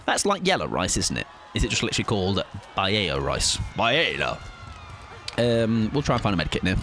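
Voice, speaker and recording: A man's voice: lowish voice, very animated, fast, a bit bright, slight background noise. Chatty English man streaming a game. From England. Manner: chatty, jokey, reads chat aloud while playing. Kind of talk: casual gaming livestream chat.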